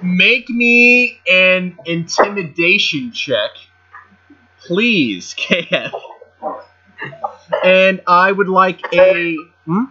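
A man's voice: sits high, animated, drawn-out words, long pauses, crowd noise. A man running a tabletop game over voice chat, describing scenes in a chatty way full of fillers and asides. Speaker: game master. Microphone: home voice chat mic. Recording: muffled voice chat audio.

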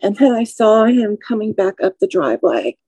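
A woman in her forties with a warm, mellow voice shares a personal testimony as a podcast guest. She speaks slowly and in measured phrases, with feeling. The sound is dry and close. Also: medium pitch, very animated, breathy edge, dry recording, rough recording. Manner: measured, slow, emotional recounting.

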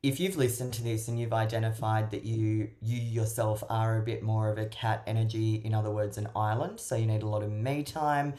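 A woman love coach and matchmaker, a podcast guest giving casual advice, expressive and prone to acting out little voices. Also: rumbling low, fairly quick, few pauses. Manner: expressive, acts out little voices while explaining.

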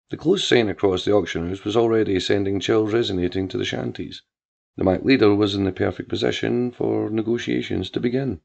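A man narrating a crime drama story in a measured way. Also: fairly low pitch, vocal fry, a little mellow. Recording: dull lo-fi with faint music.

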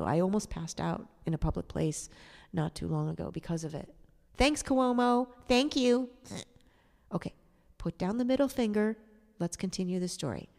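A woman spins a rambling personal anecdote in a low, mellow voice with a gravelly edge. Her telling wanders and drops sarcastic asides. The voice rings with a long reverb from the room. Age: adult. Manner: chatty, digressive, sarcastic asides. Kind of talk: casual storytelling monologue.

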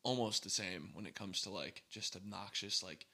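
A young man co-hosting a podcast, chatting casually in an animated, quick way with lots of fillers and laughs. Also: sits low. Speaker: podcast co-host. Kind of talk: casual chat.

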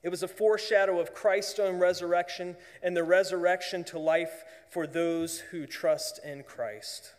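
A man preaching a sermon as pastor, earnest, often dropping to a hushed voice for emphasis. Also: high-pitched, fairly even intonation, a little slow, hardly any pauses, big-room sound.

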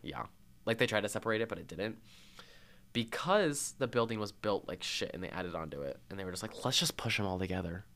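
A man's voice: fairly low pitch, animated, brisk, fairly bright tone. A young man from Minnesota co-hosting a podcast, chatting casually and teasing his co-host. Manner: teasing, joking. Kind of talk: casual chat.

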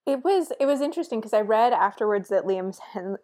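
A woman on a podcast, chatting casually in a calm, measured way. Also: medium pitch. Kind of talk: casual chat.

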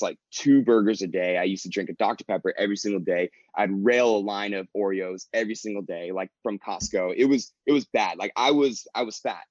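A man in his twenties, a podcast guest chatting casually from his childhood bedroom, rambling quickly with lots of fillers and restarts. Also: fairly low pitch, no room sound, muffled recording. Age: 20s. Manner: rambling and quick, heavy with "like" and "you know", frequent restarts. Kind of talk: casual interview chat.

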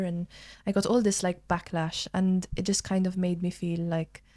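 A woman's voice: lowish voice, flat delivery, moderate pace, few pauses, dark tone. A young woman from Malta with a Maltese accent, a drama student chatting casually on a podcast and using lots of fillers. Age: young adult. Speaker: drama school student guest.

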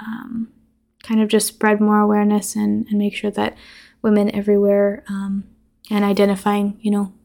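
A woman's voice: medium pitch, monotone, normal speed, creaky, dark tone. A woman podcast host casually recapping a horror movie, chatty and swearing freely, acting out the characters' lines.

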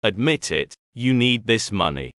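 A man voicing a smooth-talking, scheming male former employer who coaxes and persuades. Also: lowish voice, sing-song, unhurried, fairly bright tone, no room sound, clean studio sound. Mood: persuasive. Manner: coaxing, persuasive.

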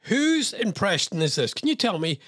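Chatty radio host, slightly husky, dry close mic. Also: male voice, high-pitched, sing-song, normal speed, fairly bright tone, no room sound. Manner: rambling, self-deprecating asides. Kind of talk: casual radio chat.

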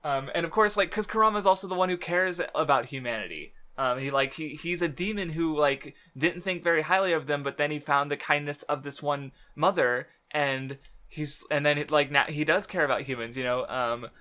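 Guy on a podcast, bright forceful voice, rambles a ton with um and like, laughs a lot. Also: a little high, brisk. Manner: rambling, filler-heavy, laughs often, swears. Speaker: podcast co-host. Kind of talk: casual chat about manga.

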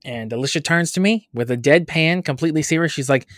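A man's voice: on the high side, quick pace, a bit bright, no echo, studio quality. A man co-hosting a casual podcast, telling a story with lots of laughter and animation. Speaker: podcast co-host. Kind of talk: casual chat.

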